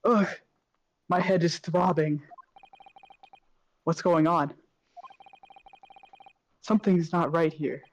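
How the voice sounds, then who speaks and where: Casting: flustered young male captive, slightly low voice, read by a woman, bewildered and pleading. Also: slow pace, long pauses, lo-fi sound. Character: young man, dazed and panicky captive.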